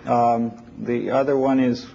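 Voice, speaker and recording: A man's voice: mid-range voice, little pitch movement, a little slow, creaky, mellow, a little hiss or hum. A man giving a live technical lecture, thinking aloud and taking questions from the audience, on an old 1980s lecture recording. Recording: dull lo-fi 1980s lecture tape.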